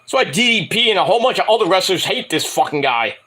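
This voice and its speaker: Man, high lively voice, bright, excitable, profane, rambling wrestling recap. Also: quick pace, slightly rough. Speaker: wrestling reviewer. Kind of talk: casual recap vlog.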